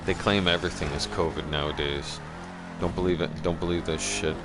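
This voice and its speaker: A man's voice: deep voice, fairly even intonation, a little fast, vocal fry, music in the background. A man hosting a gaming channel, ranting profanely in casual chat and talking straight to his viewers. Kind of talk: casual rant while streaming a game.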